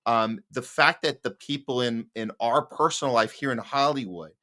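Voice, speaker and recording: A man's voice: medium pitch, normal speed, bright, forceful tone. A man hosting a political podcast, asking long, rambling questions full of restarts in casual chat. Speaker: podcast host. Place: Hollywood.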